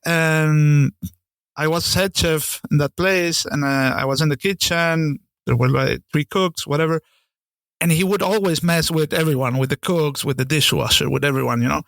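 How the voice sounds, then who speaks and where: A man's voice: fairly high pitch, normal speed, creaky, fairly bright tone, no echo. A man co-hosting a podcast, telling a kitchen story in casual chat, swearing freely and sometimes hunting for the right word. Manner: swears freely, searches for words mid-sentence. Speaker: podcast co-host.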